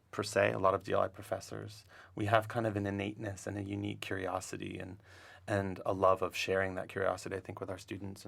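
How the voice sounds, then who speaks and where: A man's voice: sits low, gravelly. A man talking in a studio interview, thoughtful and searching for words, with frequent restarts. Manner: thoughtful, many restarts and fillers. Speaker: language instructor. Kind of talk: casual interview talk.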